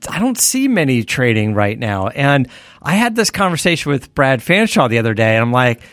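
A man's voice: medium pitch, big pitch swings, moderate pace, a bit bright, no room sound. A man co-hosts a casual podcast. He talks in a chatty way and laughs easily. His voice sits in the middle range, and the recording is dry and close. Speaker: podcast co-host. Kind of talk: casual chat.

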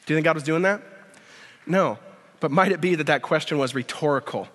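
A man preaching a sermon at a university, full of rhetorical questions, building to emphatic peaks and dropping to a quiet prayer. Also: a little high, fairly quick. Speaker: speaker at a university chapel. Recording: long hall reverb.

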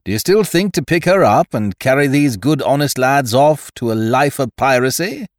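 A man's voice: mid-range voice, lively intonation, normal speed, no room sound, studio quality, voice pushed up, lightly acted. A man voicing a cheerful, mocking pirate captain who gloats over his beaten rivals. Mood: blithe. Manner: gloating, blithe, derisive.

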